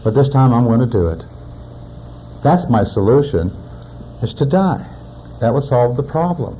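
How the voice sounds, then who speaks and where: A man's voice: mid-range voice, big pitch swings, normal speed, dark tone, dull audio, slight background noise. A man in his forties, a recovering alcoholic, giving a personal testimony in a plainspoken storytelling manner with wry humor. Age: 40s.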